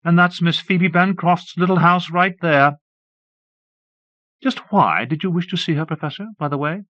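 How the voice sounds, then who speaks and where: A man's voice: on the high side, moderate pace, a bit bright, dry recording, pitched above the performer's own voice, lightly acted. A man putting on a gushing, pompous duchess. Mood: gay. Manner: gushing, scornful, simpering. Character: gushing pompous middle-aged woman, a self-styled duchess. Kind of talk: audiobook character voice. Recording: dull dry old cassette recording.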